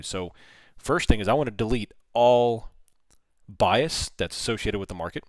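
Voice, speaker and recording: A man hosting a live trading stream, giving animated, folksy market commentary straight to his viewers. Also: on the low side, moderate pace, no room sound, studio quality. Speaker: options trader hosting a livestream.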